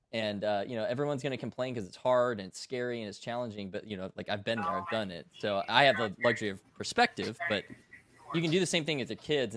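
A man's voice: on the low side, fairly bright tone, no echo, studio quality. A man, a podcast co-host who serves as a National Guard commander, talking earnestly and reflectively about leadership. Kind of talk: casual podcast discussion.

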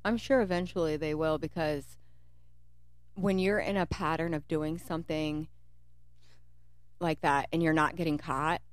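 Woman, low pitch, blunt and profane, casual chat, dry recording. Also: fairly even intonation, unhurried, pauses often, dry recording. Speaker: podcast co-host.

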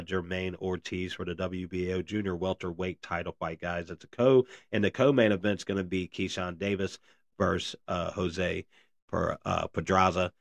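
A man's voice: low-pitched, no room sound. A man hosting a casual solo podcast, rambling with lots of fillers and calling his listeners "man" and "guys.". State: briefly out of breath. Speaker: podcast host.

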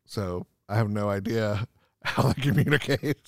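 A man's voice: lowish voice, moderate pace, no room sound, clean studio sound. A man co-hosting a casual movie discussion podcast, telling playful stories with jokey asides. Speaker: podcast co-host.

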